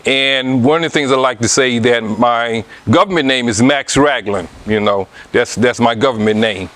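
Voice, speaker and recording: Southern man giving a halting book talk. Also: medium pitch, a bit bright. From Alabama, US. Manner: hesitant, many restarts and fillers. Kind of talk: public talk to a live audience.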